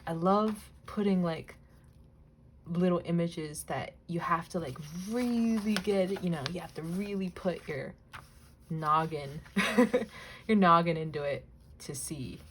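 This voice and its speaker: A young woman chatting casually while cutting images from a magazine, rambling, laughing often, swearing lightly and now and then dropping to a soft whisper. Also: lowish voice, slow, slight background noise. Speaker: crafting vlogger. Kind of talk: casual chatty crafting vlog.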